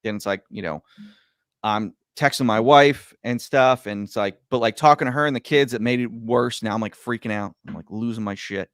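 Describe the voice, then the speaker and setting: A man's voice: mid-range voice, moderate pace, dry recording. Rambling man telling a story, dry sound. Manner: rambling, stumbling over words, lots of fillers; animated, swings between loud and quiet. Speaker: podcast guest. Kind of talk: casual storytelling chat.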